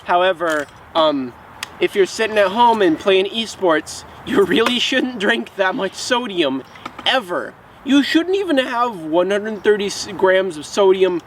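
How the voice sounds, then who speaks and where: Man, sarcastic rambling drink review, slightly high voice, clear traffic noise outdoors. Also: rough recording. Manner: sarcastic, rambling, mock-scolding. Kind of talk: rambling comic review vlog.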